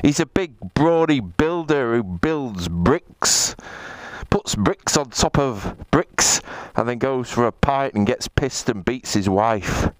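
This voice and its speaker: A man's voice: lively intonation, slow pace, dry recording. A man riding a motorbike on a city ring road, chatting in a comic, sweary way into a helmet mic with wind and traffic behind. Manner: chatty, sweary, comic, big swings in pitch. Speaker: motovlogger. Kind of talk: casual vlog commentary while riding.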